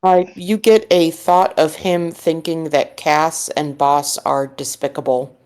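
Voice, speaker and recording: A woman narrating as game master of a tabletop game, describing things in a relaxed way. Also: low voice, slow, smooth.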